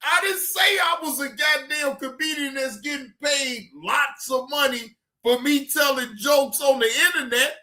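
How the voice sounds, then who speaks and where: The livestream reaction host, high-pitched this time, goes off on a chat viewer with heated profanity. Shouts keep erupting, and he cycles through the same dismissive sign-offs over and over.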